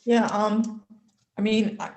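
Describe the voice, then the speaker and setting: A woman on the town council asking a question in a hesitant, halting way. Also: medium pitch, flat delivery, warm tone.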